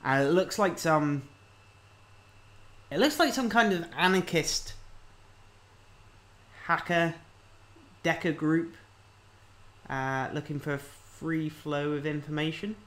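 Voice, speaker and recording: A man casually commenting on a video game as he plays, reading the on-screen text aloud and thinking out loud. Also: on the high side, slow pace, pauses often. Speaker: let's-play host.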